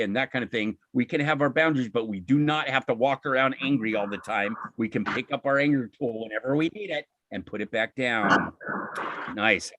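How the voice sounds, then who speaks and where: A man with a fairly bright, medium-pitched voice talks fairly quickly in an encouraging webinar on a video call, recorded without echo. His tone is conversational, and he frequently acts out quoted speech.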